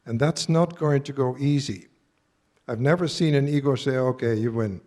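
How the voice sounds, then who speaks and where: A man's voice: medium pitch, normal speed, warm tone. A man in his seventies giving a live talk to an audience, earnest and direct, quizzing his listeners. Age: 70s. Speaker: workshop speaker.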